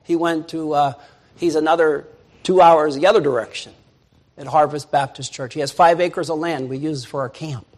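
An older man preaching a sermon as pastor, dropping to soft murmurs and rising to loud shouts. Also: fairly high pitch.

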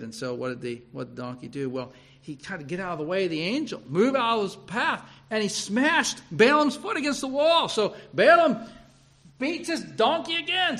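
Male preacher, storytelling sermon, high lively voice that swings up and down. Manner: animated, repeats himself and restarts, chuckles.

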